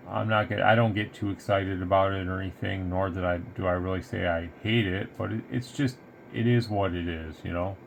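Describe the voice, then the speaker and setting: A man's voice: low voice, steady tone, a little fast, creaky, a little hiss or hum. A man casually demonstrating a radio, rambling in an easygoing way and sounding tired. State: tired, yawning. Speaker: radio seller demonstrating gear. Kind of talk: casual product demo.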